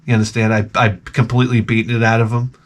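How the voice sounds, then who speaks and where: A man's voice: mid-range voice, fast, slight background noise. A man ranting casually and profanely as he tells a story about his young son. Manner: profane, rambling, animated. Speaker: vlogger and father.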